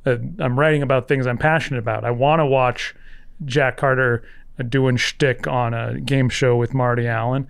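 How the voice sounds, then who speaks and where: A man's voice: medium pitch, fairly even intonation, normal speed, creaky, clean tone. A man from Canada in his thirties, a guest author chatting casually in an earnest, rambling way. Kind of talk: casual conversation.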